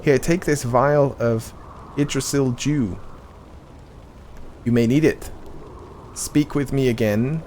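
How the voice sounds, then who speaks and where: A man reading out a stern army commander's lines from a game, slowly and deliberately. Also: medium pitch, a little mellow, a little hiss or hum, pitched above the performer's own voice, lightly acted. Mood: solemn.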